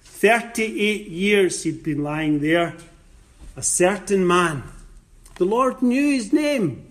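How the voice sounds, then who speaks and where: A man preaching a sermon slowly and emphatically, repeating his phrases and rising loud and high when he voices scripture. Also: lively intonation.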